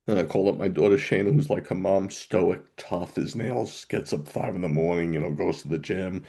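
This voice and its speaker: Gravelly, deep-voiced middle-aged man. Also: moderate pace, hardly any pauses, mellow. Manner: conversational storyteller with wry humor. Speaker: guest; rabbi. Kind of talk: emotional personal testimony.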